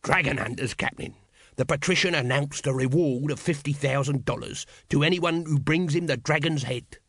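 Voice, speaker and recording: A man voicing a shifty male street hawker in an audiobook, with a husky, gravelly voice and wheedling sales patter. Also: fairly high pitch, moderate pace, fairly bright tone, dry recording, studio quality. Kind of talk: audiobook character voice.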